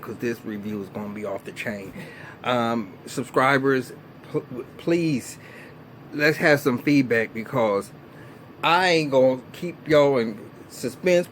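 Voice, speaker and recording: A man giving a casual vlog review of a TV episode, ranting in an animated, profane and exasperated way. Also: medium pitch, a little hiss or hum. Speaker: TV show reviewer.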